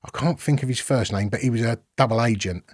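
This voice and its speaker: A man's voice: medium pitch, fast, no echo, clean studio sound. A man, a podcast guest telling a rambling story that is full of swearing and acted-out dialogue. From London. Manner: rambling, swears freely, acts out quoted exchanges. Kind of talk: casual storytelling.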